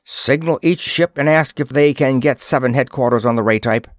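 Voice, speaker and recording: Snappy space fleet commander, brisk and clipped, read by a man narrator, dry booth. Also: mid-range voice, dry recording, lightly acted. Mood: curt. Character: curt male rocket fleet commander, in charge.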